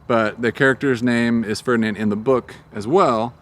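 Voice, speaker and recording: A man's voice: mid-range voice, fairly even intonation, normal speed. A young man, a singer-songwriter answering interview questions outdoors in a park, rambling in an easygoing way with lots of ums and uhs.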